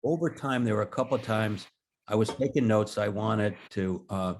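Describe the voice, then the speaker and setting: A man's voice: lowish voice, moderate pace, slight background noise. A man in his sixties, a guest in an interview, telling candid stories with blunt language and self-deprecating humor. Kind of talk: candid conversational storytelling.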